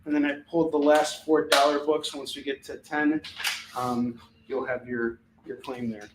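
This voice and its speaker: A man's voice: mid-range voice, level tone, moderate pace, reverberant, background noise. A man hosting a live comic book sale from his home, chatting casually and laughing often as he counts off stacks of books. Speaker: host selling comics on a live stream. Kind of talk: casual live sales patter. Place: his home, with kids in the house.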